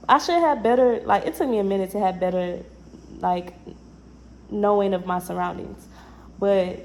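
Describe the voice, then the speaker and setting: Young woman vlogging a story, slangy and animated, mid pitch, acts out the quotes. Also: rough recording. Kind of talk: casual storytelling.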